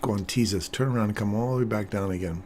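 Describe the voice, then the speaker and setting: Chatty older man with a low voice. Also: fast, a little hiss or hum. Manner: chatty, laughs often, animated when storytelling. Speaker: trading stream host. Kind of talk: casual live-stream commentary.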